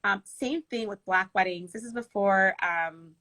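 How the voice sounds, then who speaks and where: A woman wedding planner chatting casually in an interview, animated and laughing as she tells stories. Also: medium pitch, unhurried, rough recording. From Michigan.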